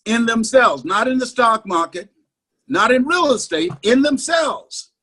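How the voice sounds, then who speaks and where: Husky, high-voiced motivational storyteller man. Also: lively intonation, unhurried. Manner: dramatic, swings from loud emphatic repeats to hushed quiet. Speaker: motivational speaker and interview guest. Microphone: video call.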